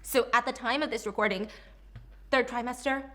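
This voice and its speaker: A woman's voice: on the high side, brisk. A woman co-hosting a casual chat, telling a story and acting out the quoted voices. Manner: animated, acts out quoted voices.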